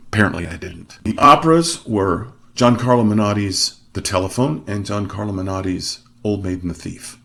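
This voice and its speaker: Middle-aged guy, opera singer, telling his story, low voice, joking at his own expense. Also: moderate pace, gravelly, hardly any pauses. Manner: self-deprecating and expressive, varying his delivery for emphasis. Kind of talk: storytelling monologue.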